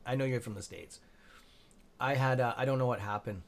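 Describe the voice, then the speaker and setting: A young man hosting a live trading stream, reading chat and reacting with excitable, profane commentary and muttered asides. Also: mid-range voice, a little fast, gravelly. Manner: excitable, profane, talks to viewers by nickname; mutters asides to himself under his breath. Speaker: stock trading livestream host.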